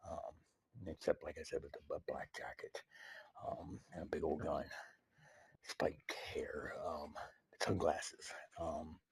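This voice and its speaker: A man rambling to camera in a halting, mock-earnest monologue full of hesitations, addressed to the president. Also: rumbling low, flat delivery, creaky, slightly rough, no echo, whispered, poor audio. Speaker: video maker addressing the president.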